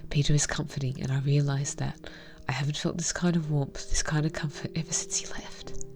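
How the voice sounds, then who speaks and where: Low-voiced lady reading a visual novel out loud, soft and half whispery, faint music in the back. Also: fairly even intonation, fairly quick. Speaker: game reviewer.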